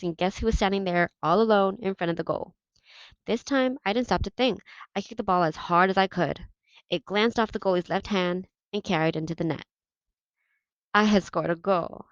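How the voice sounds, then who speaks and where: A woman reading a novel aloud in a steady, plain narrating voice. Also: on the low side, gravelly, dry recording. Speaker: reader. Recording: dull, dry lo-fi recording.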